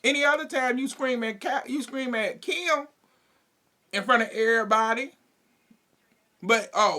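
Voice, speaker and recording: A man giving a casual, sassy and profane recap of a reality show. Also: extremely high pitch. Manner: sassy, profane, laughing, animated.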